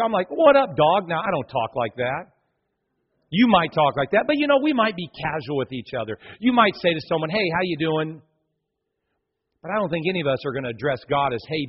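A man preaching a sermon in a lively, conversational way, acting out quoted voices with playful emphasis. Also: high-pitched, husky, lo-fi sound. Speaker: pastor.

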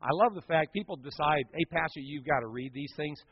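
A middle-aged man preaching a sermon, reading jokes aloud with animated, playful delivery. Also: on the high side, brisk, slightly rough, no echo, dull audio. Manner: jokey, animated storytelling with punchlines. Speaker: pastor. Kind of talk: sermon with humor.

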